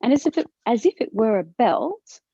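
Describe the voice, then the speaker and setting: A woman with an Australian accent teaching a movement class over a video call, asking gentle questions with a rising lilt. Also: fairly high pitch, big pitch swings, normal speed, creaky, husky, no room sound. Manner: gentle questioning, upward inflection. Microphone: video call from her computer. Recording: dull lo-fi video call audio.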